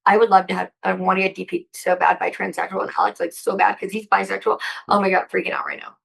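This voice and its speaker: A woman being interviewed, talking in a rambling, excitable and profane way. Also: medium pitch, fast, creaky, breathy edge, poor audio. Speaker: interview guest. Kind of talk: casual interview chat.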